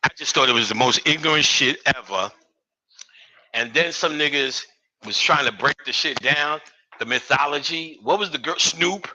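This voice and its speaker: Male lecturer, profane streetwise delivery, somewhat high voice. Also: moderate pace, pushed and bright, a little hiss or hum, poor audio. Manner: profane, streetwise, joking asides. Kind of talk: live lecture to an audience.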